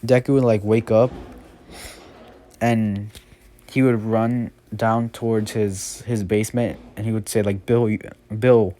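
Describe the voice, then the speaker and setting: Rambling low-voiced man telling a story. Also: little pitch movement, unhurried, dark tone, a little hiss or hum. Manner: rambling with many fillers and restarts. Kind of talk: casual fan story narration.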